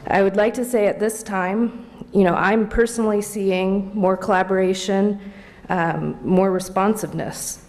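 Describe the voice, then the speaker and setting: A woman's voice: medium pitch, steady tone, measured pace, a little mellow. A woman legal aid advocate giving a composed, prepared public comment at a county board meeting. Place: council chamber.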